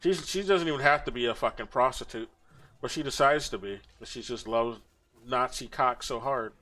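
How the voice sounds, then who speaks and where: A man's voice: medium pitch, moderate pace, sharp tone, soft background music. Crude ranting man mocking on stream. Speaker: streamer reacting to a video. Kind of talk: casual profane commentary.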